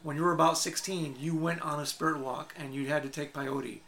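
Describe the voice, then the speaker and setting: A man's voice: a little high, fairly even intonation, a little fast, bright, forceful tone. A man narrating a tabletop game as game master, telling the scene vividly in the second person.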